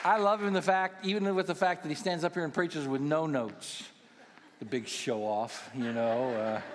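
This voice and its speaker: A man's voice: a little high, slight background noise. A man in his sixties, a pastoral care minister, preaching a sermon with humorous, self-deprecating stories for the congregation. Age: 60s. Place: large church auditorium. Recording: long church hall reverb.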